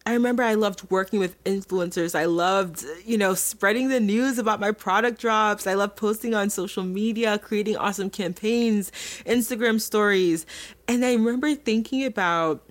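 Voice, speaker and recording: A woman's voice: medium pitch, moderate pace. Candid young woman telling her story. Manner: candid and emotional, with filler-heavy restarts. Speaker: podcast host. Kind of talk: personal storytelling to listeners.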